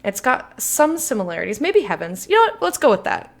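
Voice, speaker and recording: A young woman playing a game and commenting casually, excitable and playful, swearing now and then. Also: mid-range voice, fairly quick, vocal fry. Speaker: let's play streamer.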